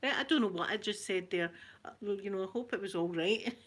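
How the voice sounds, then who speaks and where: A woman's voice: medium pitch, quick pace, a little hiss or hum. A woman with a broad Glaswegian accent, hosting a casual live-stream chat, greeting viewers by name and laughing often. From Scotland. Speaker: ASMR channel host.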